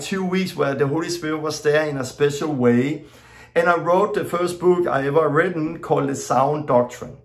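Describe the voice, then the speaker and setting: A middle-aged man giving an informal teaching talk as a preacher, telling stories and acting out his own exclamations in plain, loosely worded non-native English. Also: fairly high pitch. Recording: echoey room.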